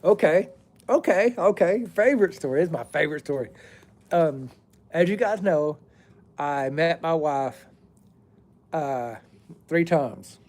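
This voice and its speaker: Rambling middle-aged man, higher voice. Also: slow pace, pauses often, darkish tone. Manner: rambling, greets viewers mid-story. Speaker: plumber telling stories on a live stream. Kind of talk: casual rambling storytelling. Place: outdoors beside a fire.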